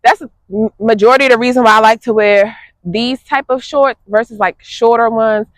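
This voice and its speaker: A woman's voice: a little high, brisk, no echo. Chatty young woman vlogging outdoors. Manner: chatty and animated, laughing often. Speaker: fitness vlogger. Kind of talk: casual vlog chat to viewers.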